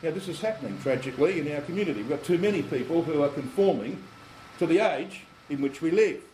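A man's voice: a little high, animated, quick pace, mellow. A man preaching a sermon, explaining scripture step by step and putting rhetorical questions to his listeners. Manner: teaching, asks the congregation rhetorical questions. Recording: echoey room with faint air conditioning hum.

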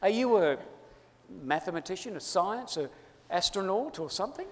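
A man's voice: sits high, expressive, normal speed, background noise. An Australian man giving a playful, teasing talk to a live audience in a large hall. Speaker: speaker giving a presentation. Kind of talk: lively audience-participation talk. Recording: long hall reverb.

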